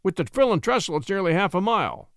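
A man voicing a rough frontier deputy with gruff, rustic country speech. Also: sits high, very animated, fast, a bit bright, no echo, clean studio sound, exaggerated voice. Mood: cowed. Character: blustering frontier deputy, rough and then cowed.

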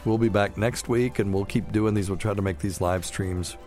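A man's voice: fairly low pitch, steady tone, moderate pace, darkish tone, faint music behind. A man hosting a casual live-stream podcast, chatting loosely and joking with chuckles. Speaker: podcast host.

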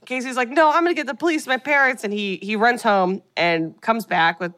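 A woman's voice: a little high, dry recording, clean studio sound. Chatty woman animatedly recapping a film. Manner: animated retelling, voicing characters in quick asides. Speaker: podcast co-host recapping a film. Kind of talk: casual chat.

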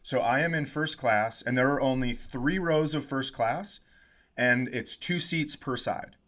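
Animated man telling a funny story. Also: mid-range voice, unhurried. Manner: animated storyteller, acts out quotes, laughs often. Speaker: comedian podcast host. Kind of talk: casual storytelling chat.

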